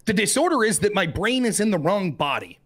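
A man answering questions in a debate with short, measured replies. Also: sits high, very animated, a bit bright. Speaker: debate guest.

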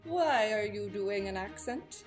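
A woman's voice: mid-range voice, measured pace, faint music behind, close to an everyday voice. A woman putting on a playful storybook queen with a put-on regal accent and theatrical greetings. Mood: grand, playful.

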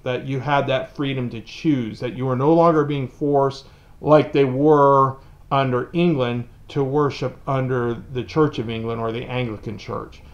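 A man's voice: mid-range voice, lo-fi sound. A middle-aged man from the United States giving an earnest opinion monologue, often repeating words as he builds a point. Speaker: vlogger.

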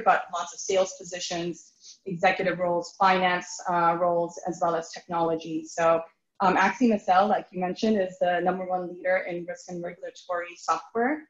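Businesslike woman on an echoey, dull line. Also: fairly low pitch. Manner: fluent, businesslike, many "so" openers. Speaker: guest, recruiting lead. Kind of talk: podcast interview answers.

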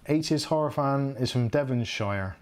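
A man with an English West Country accent chats loosely on his home livestream, often stopping to correct himself. His voice sits at an everyday middle pitch. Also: moderate pace, a little mellow. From England. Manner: rambling, self-correcting, chatty. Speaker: livestream host. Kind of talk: casual livestream chat.

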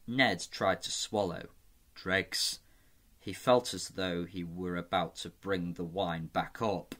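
A man narrating a fantasy audiobook in his own voice. His delivery is steady and measured, and his voice sits somewhat low. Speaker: amateur audiobook reader. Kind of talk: scripted narration.

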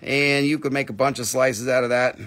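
A man's voice: medium pitch, fairly even intonation, fairly quick, fairly bright tone, slight background noise. A man hosting a live stream where he sells minerals, with playful, jokey, auctioneer-like patter.

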